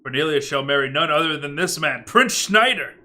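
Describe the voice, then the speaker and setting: A man's voice: a little high, flat delivery, fast talker, bright, forceful tone. A man voicing a stern, pompous old king in a stage play, giving commands in archaic theatrical speech. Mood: commanding.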